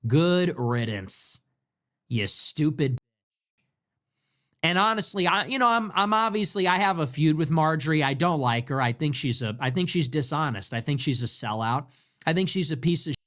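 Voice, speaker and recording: A man's voice: fairly high pitch, brisk, sharp tone. A man hosting a political commentary show, ranting sarcastically and mockingly and throwing around crude insults.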